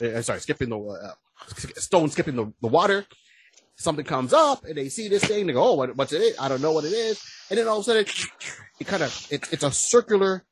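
Excitable husky man on a podcast. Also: fairly high pitch. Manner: excitable, stammering restarts, whoops. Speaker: podcast co-host. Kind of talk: casual podcast chat.

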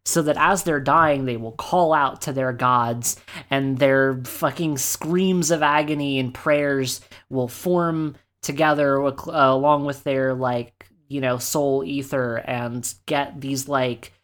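A woman's voice: extremely low pitch, fairly even intonation, slow. A woman co-hosting a casual podcast about a video game, talking animatedly, laughing often and acting out characters. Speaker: podcast co-host. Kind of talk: casual game discussion chat.

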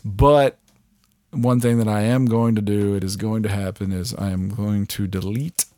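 Guy cohosting a podcast, animated, swears a lot, dry close sound. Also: fairly low pitch, normal speed, no room sound. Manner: animated storyteller, acts out quotes, swears. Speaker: podcast co-host. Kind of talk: casual chat. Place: small hot room.

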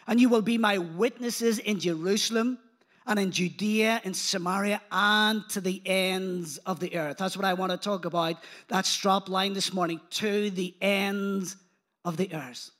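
A man preaching a sermon in church, animated and engaging the congregation, retelling scripture in casual speech. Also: sits high, unhurried. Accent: non-local accent.

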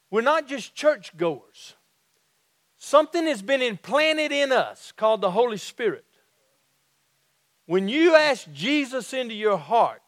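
A middle-aged man with a Southern accent preaching a sermon in a folksy way, restarting phrases and slowing down to stress his points. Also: sits high, a bit bright, no room sound, studio quality. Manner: folksy, repeats and restarts phrases, slows for emphasis. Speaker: pastor.

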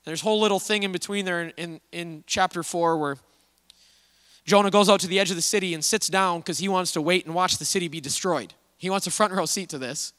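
A male pastor with a high, bright, clean voice preaches a casual, conversational sermon, telling the story with lively energy at a slightly fast pace. A long hall reverb trails behind his words.

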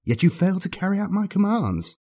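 A man voicing a cruel, imperious male alien overlord in an audiobook, cold and commanding, with drawn-out words. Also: high voice, big pitch swings, dark tone, slightly rough, voice pushed up, full character voice. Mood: menacing. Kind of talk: audiobook character voice.

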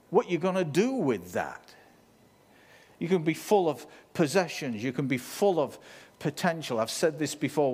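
With a breathy edge to his medium-pitched voice, a man delivers a sermon in an animated, conversational style, tossing asides to the congregation.

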